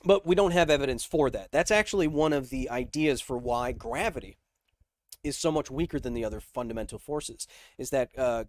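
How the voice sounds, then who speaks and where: A man hosting a casual science livestream, reading viewer questions aloud and answering them with jokes, slowing down for dramatic emphasis. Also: medium pitch, no room sound, studio quality. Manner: energetic, joking, shifts between slow dramatic emphasis and quick asides.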